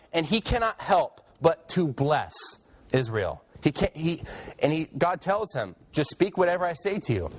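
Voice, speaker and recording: A man teaching a Bible lesson in a casual, conversational way, with joking asides and quick restarts. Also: on the high side. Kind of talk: casual classroom lecture.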